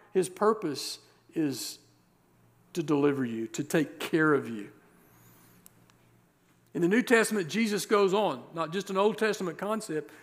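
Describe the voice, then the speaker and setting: A male pastor preaching a sermon, reading scripture verses and explaining them with rhetorical questions and slowed, stressed words. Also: on the high side. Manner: emphatic, slows down to stress key words.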